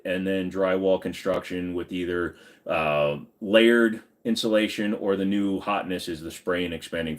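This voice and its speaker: A man hosting a casual live stream, rambling through crude, jokey banter with his chat. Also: sits low.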